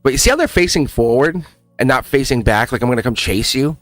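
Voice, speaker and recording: Faint music plays behind a man of medium pitch who talks at a quick pace, with no room sound at all. He's doing a tarot reading on a live stream, chatting animatedly with his audience, speaking to them directly and laughing a lot.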